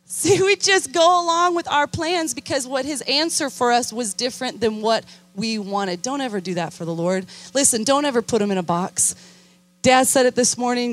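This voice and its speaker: A young woman youth minister preaching with animated emphasis, her voice pitched a little high. She drives her points home and keeps calling for responses from her listeners. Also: moderate pace. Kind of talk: sermon.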